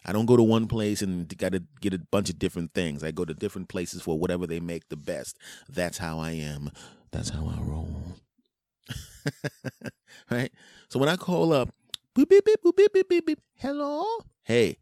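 A man in his late forties hosting a podcast, telling a comic story in an animated way and dropping into low, smooth murmurs. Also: moderate pace, dry recording, studio quality. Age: 40s. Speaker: podcast host. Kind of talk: casual comic monologue.

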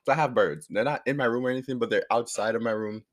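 A man hosting his own podcast in a rambling, casual way, hoarse from a sore throat and pausing now and then to chew. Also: medium pitch. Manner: rambling, chatty, pauses to chew food. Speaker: podcast host. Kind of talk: casual solo podcast chat.

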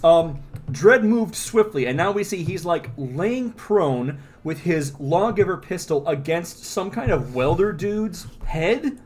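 A man's voice: on the high side, animated, slow pace. A man co-hosting a casual comic-book podcast, describing panels in a rambling, filler-heavy way. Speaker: podcast co-host. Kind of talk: casual comic-book read-along chat.

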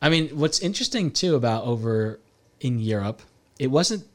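A young American man chatting on a podcast, telling travel stories in an animated way and acting out the people he quotes. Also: medium pitch, moderate pace. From United States. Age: young adult. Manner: animated storyteller who acts out quoted people. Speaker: podcast guest. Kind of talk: casual chat.

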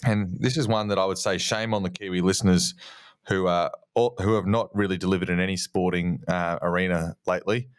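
A man's voice: sits low, steady tone, a little fast, smooth, dry recording, studio quality. An Australian man co-hosting a podcast, telling rambling stories and ribbing his friends in casual banter. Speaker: podcast co-host.

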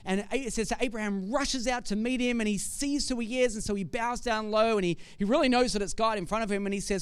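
A man's voice: high-pitched, quick pace, few pauses, clean tone, no room sound. A man preaching a sermon with conversational, jokey storytelling.

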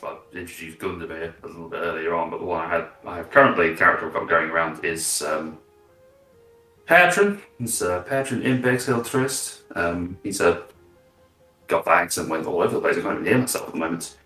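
A man's voice: deep voice, little pitch movement, fast, pushed and bright, reverberant, faint music behind, rough recording. A man chatting casually about his tabletop game character, rambling and playful as he trails off mid-thought. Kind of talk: casual panel chat.

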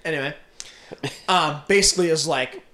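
A man's voice: fairly high pitch, moderate pace. Swearing young man recapping a movie. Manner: profane, laughing, animated storytelling. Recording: roomy echo.

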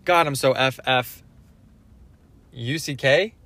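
A man's voice: medium pitch, takes it slowly, bright, forceful tone, dry recording. A man hosting his own podcast alone, rambling from topic to topic in casual chat and swearing freely. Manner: scattered, jumps between topics, swears often. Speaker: podcast host.

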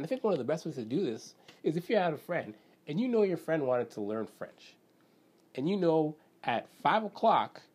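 Canadian guy rambling thru a chill solo podcast, kinda husky, lots of "right?". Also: on the high side, darkish tone. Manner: rambling, many fillers and self-questions, acts out quoted friends. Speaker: podcast host. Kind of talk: casual solo talk on self-help.

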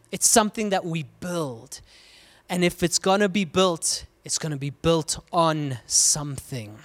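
High-voiced man preaching with rising cries. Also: moderate pace. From South Africa. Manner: dynamic preaching, swinging between loud cries and hushed lows. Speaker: pastor. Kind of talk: sermon.

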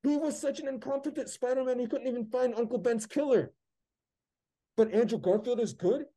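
A man's voice: extremely high pitch, brisk, warm tone. A man co-hosting a podcast, ranting in a heated, sarcastic way during casual chat. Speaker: podcast co-host.

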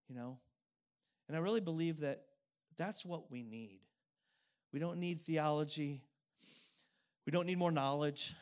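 A middle-aged man preaching a sermon as a pastor, earnest and emotional, telling a personal story with pauses and repeated phrases. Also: fairly high pitch.

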